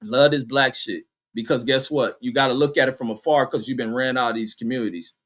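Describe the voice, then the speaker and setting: A man's voice: medium pitch, fairly even intonation, brisk, a bit bright. A man hosting a vlog who tells stories and reads out chat in a rambling, blunt way, with heavy swearing. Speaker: vlogger host reading chat. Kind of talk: casual profane storytelling rant.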